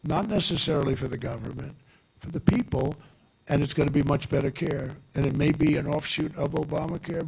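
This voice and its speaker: Speaking at a rally, outdoors or in a big venue, an older man delivers a wandering, digressive campaign speech at a podium mic, driving points home through repetition. His voice runs high with vocal fry and a darkish tone, and there's slight background noise.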